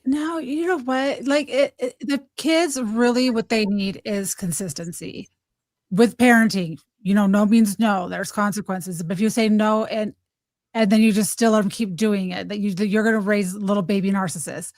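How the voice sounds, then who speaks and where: A woman's voice: mid-range voice, steady tone, moderate pace, darkish tone, no echo. A woman guest speaking earnestly in casual chat, giving advice with rambling restarts. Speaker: podcast guest.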